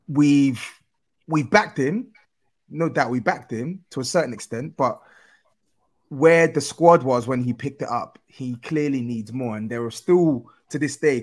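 A man speaks in a husky, mid-pitched voice. He talks football earnestly on a podcast and keeps pressing his points with exasperation. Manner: earnest, building to exasperated rants. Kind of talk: casual chat.

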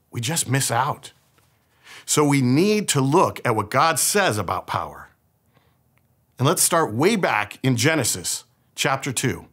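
A man's voice: medium pitch, fairly bright tone. A man from the San Francisco Bay Area preaching a sermon as pastor, telling a story in a conversational, humorous way.

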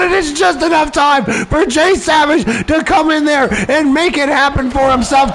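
A man giving excited play-by-play commentary on a wrestling video game, often shouting exclamations. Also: very high voice, moderate pace, few pauses.

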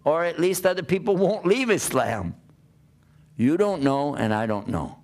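An older American man, an Islamic preacher, delivers a conversational sermon full of animated stories and rhetorical questions. His voice runs on the high side at a measured pace.

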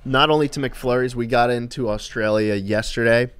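A man's voice: medium pitch, fairly even intonation, moderate pace, a bit bright, clean tone. A man telling loose, amused anecdotes during a live stream, rambling with fillers and casual swearing. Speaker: streamer and co-host.

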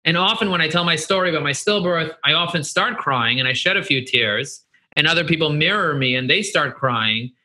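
A middle-aged man speaks in an earnest, animated way as an interview guest. His voice is bright and forward, a little higher than most men's. He repeats phrases for emphasis and talks candidly. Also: brisk. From United States. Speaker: guest, marketing agency CEO.

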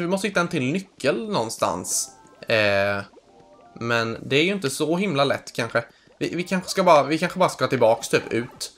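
A man hosting a casual game playthrough, talking to himself as he figures out where to go. He muses aloud in an unsure, relaxed way. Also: medium pitch. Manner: unsure, thinking aloud, chuckling. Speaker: gaming channel host. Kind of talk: casual let's play commentary.

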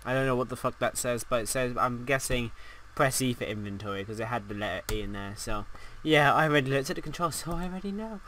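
A young man commentating a horror game as he plays, excitable and swearing, talking back at the game. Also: medium pitch, fast, slight background noise, rough recording. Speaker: gaming channel host.

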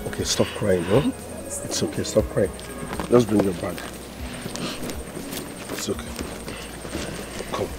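An actor with a Nigerian accent playing a gentle young man who comforts a crying girl and offers her a home. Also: fairly low pitch, slow pace, long pauses. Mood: comforting. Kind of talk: Nollywood film acting. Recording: music under dialogue.

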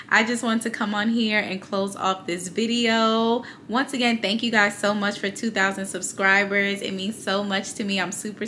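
Young woman vlogging at home, bright chatty voice, kinda echoey room with faint hum. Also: mid-range voice. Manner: chatty and playful, frequent laughs and slang. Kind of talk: casual vlog chat. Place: at home, indoors.

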